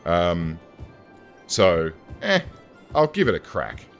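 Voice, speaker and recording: A man's voice: deep voice, huge pitch swings, slow pace, gravelly, faint music behind. A young man, an engineer and gaming YouTuber, rambles casually and self-deprecatingly while building a city in a game. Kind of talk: casual gameplay commentary.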